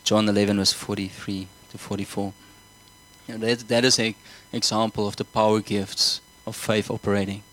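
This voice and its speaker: Speaking at a normal speed in a level tone, a man with a low-side, slightly bright voice preaches with earnestness. He often repeats words and questions the congregation about whether they follow, and the recording is rough.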